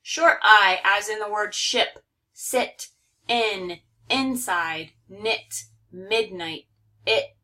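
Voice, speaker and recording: Slow, bright-voiced woman teaching phonics. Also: medium pitch. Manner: slow, careful, overpronouncing example words. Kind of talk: recorded phonics lesson.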